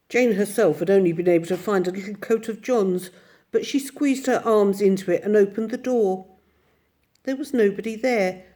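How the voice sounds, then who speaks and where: Mellow woman reading a storybook aloud. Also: medium pitch. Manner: steady, expressive storytelling. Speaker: audiobook narrator.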